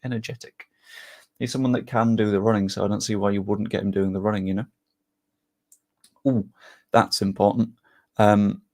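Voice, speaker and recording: His voice leans low and gravelly as this young man hangs out with his live-stream viewers before a football game. He reads their chat aloud and pokes fun at himself.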